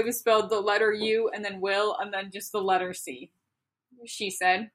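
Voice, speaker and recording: A young woman co-hosting a casual podcast, reading a fan story aloud with animated, exasperated commentary and frequent swearing. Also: medium pitch, normal speed. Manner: animated, exasperated, swears freely, bursts into laughter.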